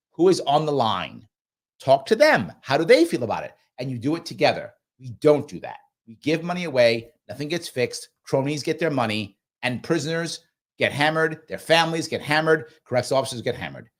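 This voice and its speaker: A man hosting a live reaction show, talking emphatically and acting out people in quotes as he comments. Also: medium pitch. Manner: animated, acts out voices in quotes; emphatic and repetitive. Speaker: host reacting to a clip.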